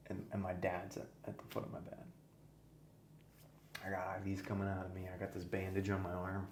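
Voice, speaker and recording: A man guest on a podcast, telling his own story earnestly and intensely, his voice sometimes sinking to a near-whisper. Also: sits low. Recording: echoey room with faint noise.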